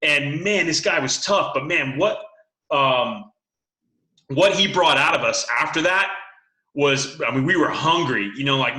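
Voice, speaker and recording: Man, late forties, football coach, animated storyteller, clear bright tone, casual interview. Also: fairly high pitch, unhurried, rough recording. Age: late 40s. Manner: animated storyteller, acts out quotes, laughs often. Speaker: high school football coach, guest.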